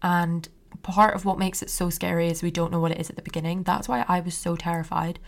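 Gravelly-voiced young woman podcaster. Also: lowish voice, flat delivery, fairly quick. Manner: open, chatty, reassuring. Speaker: podcast host. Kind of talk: personal podcast monologue.

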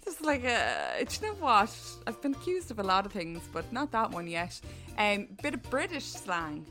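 Irish female co-host with a bright, cutting voice who reads out listener questions with crude jokes. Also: medium pitch, huge pitch swings, moderate pace, soft background music. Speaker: podcast co-host. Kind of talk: casual chat.

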